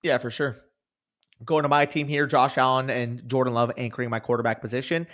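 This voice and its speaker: A man's voice: mid-range voice, little pitch movement, brisk, a bit bright. A man co-hosting a podcast in casual chat, joking, swearing and laughing often. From Canada. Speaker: podcast co-host.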